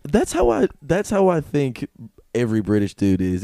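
Lively, laughing young man podcaster. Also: mid-range voice, normal speed, hardly any pauses, no echo, clean studio sound. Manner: animated, laughs a lot, crude. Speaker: podcast co-host. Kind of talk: casual banter. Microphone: studio microphone.

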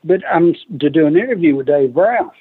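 A man's voice: a little high, expressive, a little fast, slightly rough. A man guest telling wrestling stories casually, acting out the quoted lines as he goes. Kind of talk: casual storytelling. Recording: tinny phone-like line.

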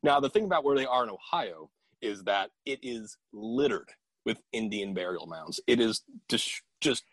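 A man casually telling a ghost story from an investigation, animated and swearing, quoting the people in it in his own voice. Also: fairly low pitch, moderate pace, breathy edge, no echo.

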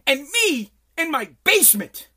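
A man hosting a podcast from his home basement, delivering an angry, profane political rant that bursts into shouting. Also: extremely high pitch, very animated, measured pace. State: sweating. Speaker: podcast host.

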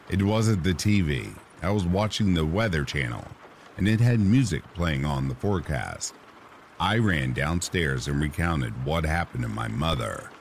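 A man calmly narrating true ghost stories as a soothing bedtime read. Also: a bass voice, creaky, a little hiss or hum. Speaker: horror story narrator. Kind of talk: calm sleep-story narration. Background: rain sounds.

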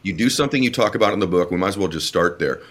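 A male podcast host with a notably low voice talks in a warm, emotional way. He praises his guest in halting phrases full of fillers. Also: animated. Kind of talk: interview podcast conversation.

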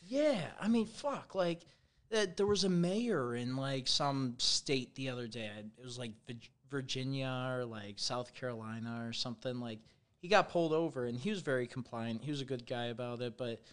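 A man hosting a casual podcast chat, talking loudly and rambling with lots of swearing and filler. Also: medium pitch, normal speed, smooth. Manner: loud, rambling, swears freely. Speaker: podcast host.

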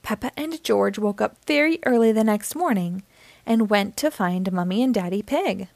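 A woman reading a picture book aloud to children, with clear, expressive storytelling. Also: medium pitch, moderate pace, no room sound.

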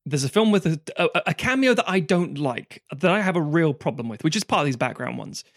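A man's voice: on the high side, expressive, fairly quick, no room sound, studio quality. A man co-hosting a casual film podcast chat, rambling and swearing freely as he talks. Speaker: podcast co-host. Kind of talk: casual chat about films.

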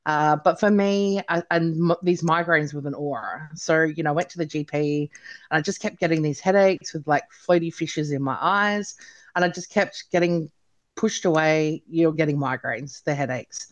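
Her voice sits low as this thirtysomething Australian woman, a guest on an interview, recounts her story in a chatty, animated way, with lots of "like"s and "you know"s.

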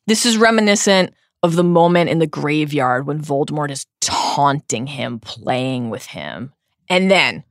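A woman's voice: low-pitched, expressive, unhurried, dry recording, clean studio sound. A woman co-hosting a podcast, recapping a novel with earnest, openly emotional commentary. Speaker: podcast co-host. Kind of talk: recapping a book chapter by chapter.

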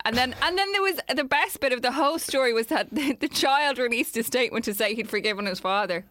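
An Irish woman in her thirties co-hosting a podcast, chatting quickly with laughs and swearing. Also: high-pitched, lively intonation, bright, forceful tone, dry recording. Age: 30s. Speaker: podcast co-host. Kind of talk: casual banter.

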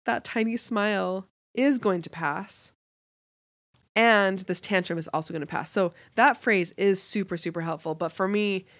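A woman's voice: mid-range voice, moderate pace, fairly bright tone, no room sound, clean studio sound. A woman co-hosting a parenting podcast, speaking in an earnest, reflective way. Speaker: podcast co-host. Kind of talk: casual chat.

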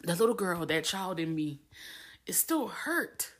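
Low-voiced woman opening up on her podcast. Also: very animated, unhurried. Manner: candid, emotional, rambling with restarts and profanity. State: a little teary. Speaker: podcast host. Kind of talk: personal monologue.

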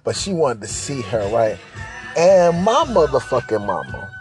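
Lively, rambling podcast host, a man. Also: fairly high pitch, measured pace, faint music behind. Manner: rambling, repetitive, keeps asking "right?". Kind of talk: profane comic storytelling monologue.

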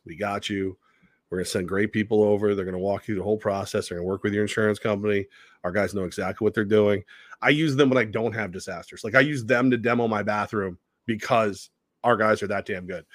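This is a man with a lowish voice, talking casually on sports radio in a dry studio sound. He tells stories with big swings between loud and quiet, and he swears a little as he goes. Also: no echo. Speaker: radio show co-host. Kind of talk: casual sports talk with live ad reads.

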